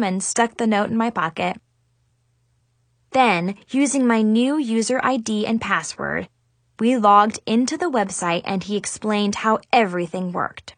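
A young woman narrating a story in a lively, expressive reading style. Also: a little high, no echo. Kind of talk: scripted audiobook narration.

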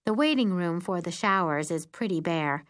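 A woman reading a first-person story aloud as an audiobook narrator, measured and even. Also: on the low side.

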